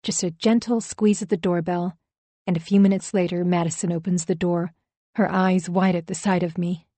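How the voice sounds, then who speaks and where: A woman's voice: on the low side, level tone, moderate pace, mellow, no echo. A woman reading a first-person thriller audiobook in a tense, emphatic storytelling manner. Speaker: audiobook narrator.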